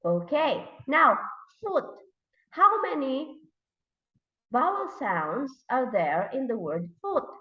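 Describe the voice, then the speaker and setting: A woman teaching an English lesson with a Thai accent, explaining slowly and checking often that students follow. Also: high-pitched, big pitch swings. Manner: slow, drawn-out explanations with repeated checks. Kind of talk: classroom lesson. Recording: echoey room, far from mic, dull lo-fi.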